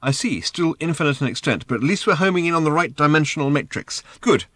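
A strange, polite shape-shifting bird voiced by a man in a storybook reading, speaking in a pleasant light tenor set a little higher. It rattles off brisk, matter-of-fact questions with lively curiosity. The sound is dry and close. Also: no echo. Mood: brisk, inquisitive. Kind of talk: audiobook character voice.

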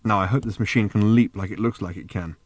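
A man voicing a confident adventurer who talks in a brisk, offhand way in an audiobook. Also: on the low side, dry recording, close to an everyday voice. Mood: breezy.

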